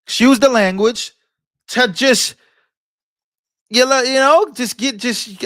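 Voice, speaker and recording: A man's voice: very high-pitched, lively intonation, slow, pauses often, fairly bright tone, no room sound, clean studio sound. A man hosting a political commentary vlog, talking in an impassioned, casual way, restarting and repeating words and breaking into sermon-like rebukes. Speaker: political commentator and channel host.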